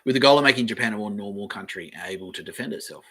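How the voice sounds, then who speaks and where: A man hosting a casual solo podcast, reading aloud from the web and thinking out loud in a rambling way, with the odd swear. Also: lowish voice, rapid-fire. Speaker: podcast host.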